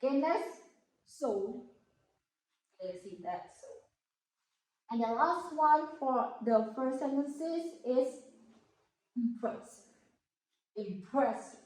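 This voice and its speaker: Woman explaining a lesson, slow and careful, kinda high voice, super echoey room. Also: animated, a little mellow. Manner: slow, halting, careful over each word. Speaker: student presenter. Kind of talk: classroom explanation.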